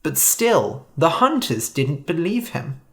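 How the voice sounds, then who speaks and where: Slow clear story narrator, voice bouncing up and down a lot, for english learners. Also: medium pitch. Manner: slow, clear, expressive reading.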